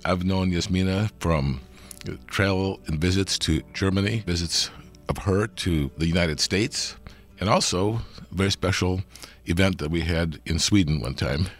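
An older man hosting an interview, his voice slightly hoarse and gravelly from a cold, speaking in a measured, welcoming way. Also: deep voice. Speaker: host, church president.

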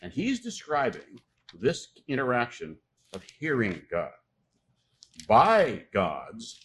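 Slow, emphatic male preacher. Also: medium pitch, wildly swooping pitch, a little hiss or hum. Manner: emphatic, rising to loud stresses; reads scripture aloud with pauses. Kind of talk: sermon.

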